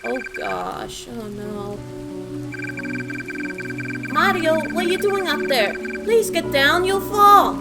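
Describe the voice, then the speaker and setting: A woman voicing Luigi as a frantic young man pleading with his brother, over loud game music. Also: big pitch swings, slow, long pauses, exaggerated voice. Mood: desperate pleading. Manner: high-pitched, pleading and shouting. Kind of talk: game dialogue read aloud.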